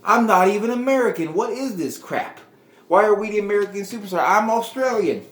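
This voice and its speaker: A man's voice: a little high, measured pace, fairly bright tone. A man puts on an outraged male wrestler who whines in a raised voice. Every line comes out as an indignant complaint. A roomy echo surrounds it.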